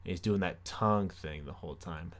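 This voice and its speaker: Animated, self-mocking young man telling stories. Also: sits low, brisk, noisy background. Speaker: podcast host. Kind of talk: comic storytelling.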